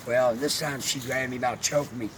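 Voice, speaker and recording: A man telling a heartfelt personal story in a rambling, halting way, as a vlogger. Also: mid-range voice. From Alabama. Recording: steady background noise, vehicle sounds.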